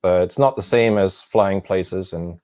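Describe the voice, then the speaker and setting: A man with a low voice speaks calmly as a guest on a video call. The sound is dry, with no room echo. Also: measured pace. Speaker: guest pilot. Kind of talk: casual interview chat.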